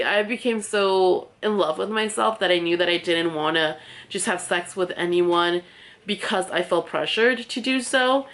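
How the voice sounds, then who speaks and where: A woman's voice: lowish voice, a bit bright. A young woman vlogger telling a personal story while getting ready, candid and chatty, with lots of "like" fillers. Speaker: beauty vlogger and podcast host. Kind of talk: casual get-ready-with-me story time.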